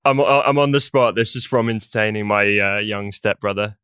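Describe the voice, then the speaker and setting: A man's voice: fairly low pitch, moderate pace, clear, resonant tone, no echo. A man co-hosting a podcast in a casual, jokey chat. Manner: lively, jokey, laughs easily. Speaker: podcast co-host.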